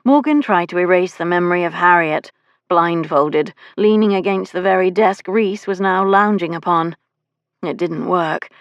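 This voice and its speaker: A woman narrating a historical romance audiobook in a measured, even storytelling voice. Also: on the low side, no room sound, lo-fi sound. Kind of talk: scripted narration of a romance novel.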